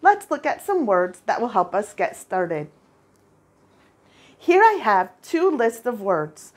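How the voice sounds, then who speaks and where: Very slow, patient woman teaching spelling. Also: on the high side, very animated. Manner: patient, drawn-out, repeats each word. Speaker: first grade teacher. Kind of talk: slow, clear spelling lesson for young children. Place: international school.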